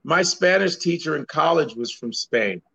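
A man's voice: a little high, lively intonation, normal speed, vocal fry, bright, forceful tone, breathy edge. A man who is a comedian guest, talking in a loose, joking way in casual chat. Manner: loose, joking and self-promoting. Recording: dull lo-fi sound.

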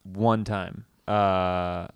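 A man hosting a comedy podcast, chatting in a relaxed, joking way. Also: low-pitched, drawn-out words, smooth, dry recording. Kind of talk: casual podcast chat.

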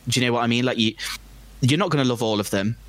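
A man's voice: mid-range voice, fast talker, no echo. A man in a casual film review chat, talking with many hesitant restarts and fillers.

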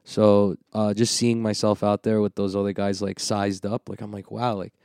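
A man's voice: on the low side, monotone, moderate pace, darkish tone, clear, resonant tone, no room sound, clean studio sound. A young man, a fighter, chatting casually in an interview, rambling with lots of filler words and sounding unsure of himself. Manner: rambling, heavy with "like" fillers, self-doubting. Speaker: fighter talking about his wrestling.

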